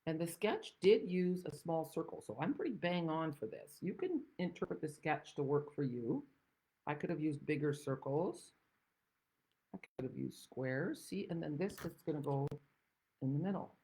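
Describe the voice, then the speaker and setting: A woman's voice: low voice, animated, normal speed, dark tone, husky, low-quality recording. A woman from the Netherlands hosting a card-making tutorial, chatting with rambling, self-deprecating asides. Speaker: craft demonstrator and channel host.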